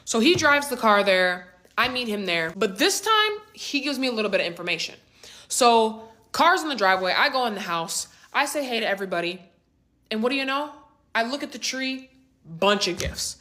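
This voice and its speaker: A young adult woman narrating a personal storytime vlog in a casual, slangy and animated way, with rhetorical asides to the listener. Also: a little high, normal speed.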